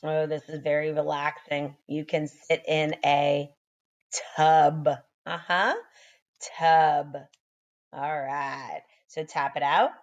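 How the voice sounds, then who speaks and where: A woman teaching young children phonics, sounding out letters slowly and praising them, a little sleepy and yawning. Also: deep voice, steady tone, highs cut off.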